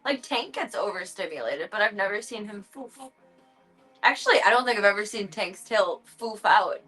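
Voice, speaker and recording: A woman streams casually from her home, talking in a playful, cooing baby voice to her cats. Her pitch sits in an ordinary middle range. Faint music plays softly underneath. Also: lively intonation, normal speed, low-quality recording. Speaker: livestreamer. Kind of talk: casual livestream chat.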